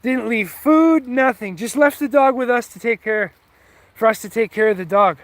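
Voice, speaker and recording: A man's voice: very high voice, moderate pace, no room sound. A man telling a rambling, heated story with lots of swearing, in a casual, offhand way. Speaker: vlogger.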